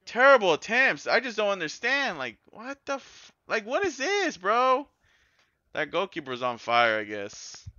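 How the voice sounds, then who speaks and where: Excitable man yelling over gameplay. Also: sits high, measured pace, no echo, highs cut off. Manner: excitable, yells and swears at the game. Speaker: gaming YouTuber. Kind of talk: casual gameplay commentary.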